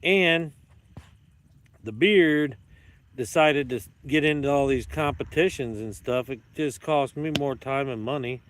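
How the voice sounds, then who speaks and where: A man's voice: mid-range voice, unhurried, a bit bright. A man talking casually on his video channel, a playful, rambling showman joking to the camera outdoors. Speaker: YouTube vlogger. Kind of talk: casual joking vlog talk. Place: outdoors at dusk with dogs around.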